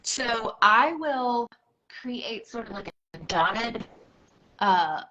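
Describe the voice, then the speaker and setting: A woman's voice: on the high side, lively intonation, extremely slow, bright, forceful tone, muffled recording. A woman teaching a makeup lesson, coaching step by step in an encouraging, hands-on way with casual filler words. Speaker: makeup instructor. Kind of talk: instructional makeup tutorial.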